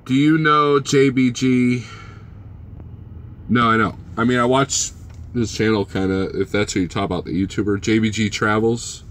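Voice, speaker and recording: A man with a middle-pitched voice rambles through a casual live stream as a trucker. He reads the chat aloud, jokes with the viewers and teases them by name in a loose, easygoing way. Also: fairly even intonation, moderate pace, a little hiss or hum.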